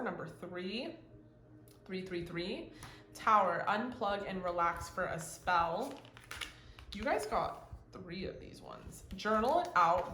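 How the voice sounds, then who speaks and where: An excitable woman hosts a casual pick-a-card tarot reading, gushing over each card and swearing now and then. Her voice sits at an ordinary middle pitch. The room around her is echoey, with a faint hum of ambient noise behind her. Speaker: tarot reader.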